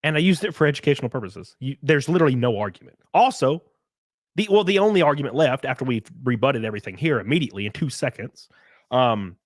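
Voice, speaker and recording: Speaking quickly in an ordinary middle pitch, a livestream host chats casually and reads super chats aloud. He's animated and profane, putting on silly voices to ridicule critics. The sound is dry and close, with no room sound.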